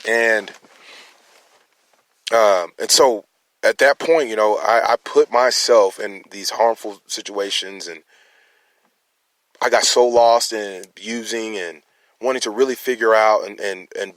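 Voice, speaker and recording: Speaking as a concerned citizen, a man gives a raw, emotional personal monologue, rambling, stumbling over words, restarting with stammers, and challenging his listeners. His voice is fairly low and dry, unhurried and broken by frequent pauses, with no room sound.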